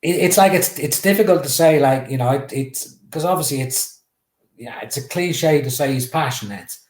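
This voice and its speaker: A man in his fifties, a former footballer and podcast guest, telling lively anecdotes that climb to excited retellings. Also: on the high side, normal speed. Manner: animated, builds up to raised excited retellings. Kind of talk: anecdotal storytelling. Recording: roomy echo.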